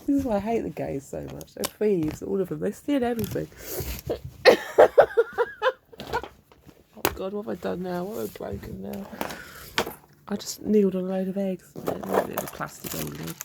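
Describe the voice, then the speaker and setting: A woman vlogger in a rambling casual monologue, chuckling often and bickering with herself, with a gravelly voice. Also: medium pitch, fairly quick, heavy background noise.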